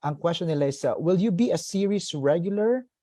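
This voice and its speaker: A man with a Filipino accent moderating a press conference, reading out questions and moving things along briskly. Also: a little high, animated, mellow, no room sound, clean studio sound. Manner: reads out questions, brisk and friendly.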